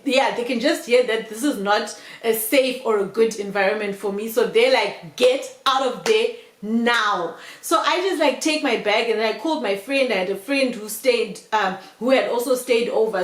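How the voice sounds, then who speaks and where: A young woman vlogger telling a storytime tale in an animated way, often calling her viewers "guys". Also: on the high side. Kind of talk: storytime vlog. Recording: roomy echo.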